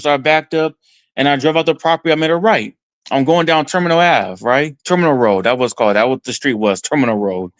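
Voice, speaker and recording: Speaking as a guest on a podcast, a man from Texas recounts events with excitement, narrating in the first person and acting out his own self-talk as the story unfolds. The recording sounds close-miked and dry, without any room echo, and his pitch sits slightly high.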